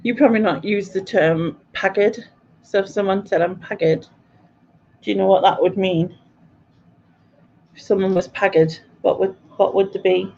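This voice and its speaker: A British woman hosts a live quiz stream, chatting loosely and answering her viewers with frequent laughs. She talks at an unhurried, drawn-out pace. Her voice comes through dull, lo-fi stream audio with a faint hiss behind it. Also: medium pitch, fairly even intonation, gravelly, mellow. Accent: British English. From Britain. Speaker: quiz host. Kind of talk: casual live-stream chat.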